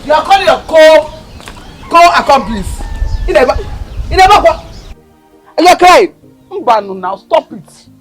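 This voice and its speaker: An actress with a Nigerian accent playing a scornful young woman who mocks and bullies her sister, swinging between shouts and mutters. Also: high-pitched, lively intonation, a little slow, long pauses, faint music behind. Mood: scolding.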